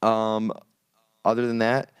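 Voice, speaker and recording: Young male podcast co-host, low-pitched, loose rambling storyteller with crude humor. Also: monotone, slow, smooth. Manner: rambling, laid-back storytelling with crude jokes. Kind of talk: casual chat. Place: studio.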